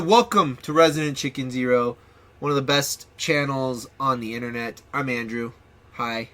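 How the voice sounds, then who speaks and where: A man's voice: medium pitch, normal speed, sharp tone. A man hosting his own gaming channel, chatting casually and rambling with ums and restarts. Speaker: channel host.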